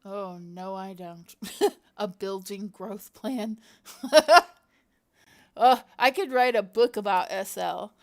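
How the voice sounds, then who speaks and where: At home beside her cat, a middle-aged woman who creates content talks casually to viewers while using her computer. She has a mid-range voice, speaks slowly and pauses often, rambling and talking to herself with many fillers.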